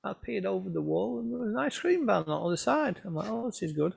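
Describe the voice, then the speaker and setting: A photographer gives a relaxed, anecdote-filled club talk over a video call, joking at his own expense as he chats. He has a high, creaky, husky voice that moves quickly in a sing-song way, and the recording is dry.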